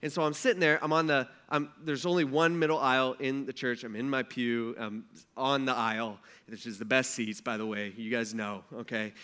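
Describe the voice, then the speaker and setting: A man preaching a sermon, telling stories from his own life in a conversational, animated way. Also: mid-range voice, normal speed, smooth. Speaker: pastor.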